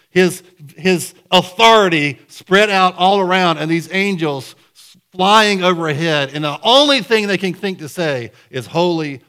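A man preaching a conversational sermon to a church congregation, lively, with sudden loud bursts. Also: sits high, clear, resonant tone. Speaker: pastor. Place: church sanctuary.

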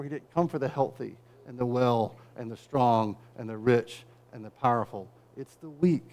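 Pastor with rising, driving sermon peaks. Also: male voice, normal speed, hardly any pauses. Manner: swings from quiet, low asides to loud, driving build-ups; conversational, wry humor.

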